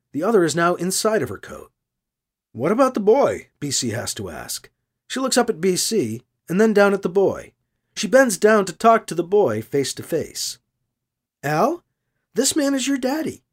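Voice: mid-range voice, breathy edge. A narrator reading a tense thriller scene in a dramatic storytelling voice. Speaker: audiobook narrator. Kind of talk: scripted narration.

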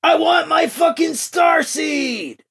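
A narrator voicing a disheveled, hairy old male prisoner who yells crude demands in a slow, snarling way. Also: mid-range voice, very animated, vocal fry, soft background music, pitched above the performer's own voice, heavily acted. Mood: furious yelling.

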